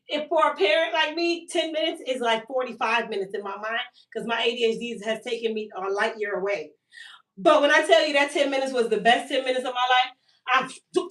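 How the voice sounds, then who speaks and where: A woman's voice: sits high, lively intonation, normal speed, a bit bright, far from the mic. Chatty woman telling a long story. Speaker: hair care business owner and host. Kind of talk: casual live-stream sales chat. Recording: echoey room, voice a bit off-mic.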